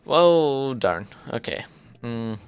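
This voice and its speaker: A man streaming a card game live, thinking aloud in halting starts while his voice grows strained. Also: mid-range voice, lively intonation, clear, resonant tone, soft background music. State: strained, fading voice. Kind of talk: casual live gameplay commentary.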